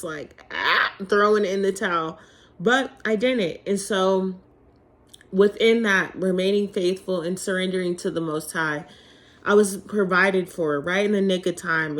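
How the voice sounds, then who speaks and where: A young adult woman vlogging a casual storytime monologue, emphatic and animated, with frequent laughs and the odd curse. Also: mid-range voice. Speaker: vlogger sharing a testimony.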